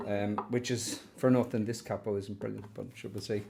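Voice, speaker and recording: A man's voice: fairly low pitch, level tone, normal speed, gravelly, noisy background. An Irish man chatting casually as he unboxes and looks over a guitar, thinking aloud with fond asides. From Ireland. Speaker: guitar reviewer.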